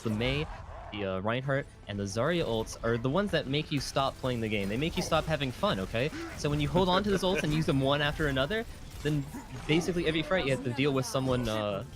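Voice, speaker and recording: A man giving color commentary on an esports match, explaining strategy in quick, rambling runs on a headset mic. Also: medium pitch. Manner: fast, rambling analysis with fillers and restarts. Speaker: color caster.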